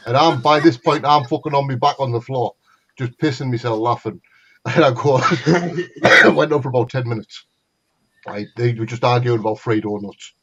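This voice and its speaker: Sweary North East English storyteller, lo-fi. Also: male voice, medium pitch, moderate pace, fairly bright tone. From North East England. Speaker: gamer chatting with friends on a stream. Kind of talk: casual chat.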